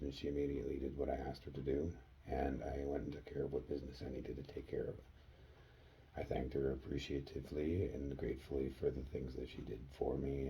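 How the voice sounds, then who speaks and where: A man from Wisconsin earnestly telling a personal story in a vlog, acting out the dialogue with sharp jumps up in pitch. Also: slight background noise, rough recording. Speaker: vlogger.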